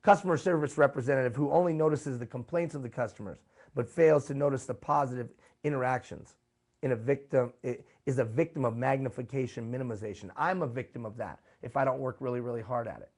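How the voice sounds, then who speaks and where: A man's voice: medium pitch, quick pace, darkish tone. A man presenting a live workshop, talking emphatically and putting rhetorical questions to his audience. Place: live event room.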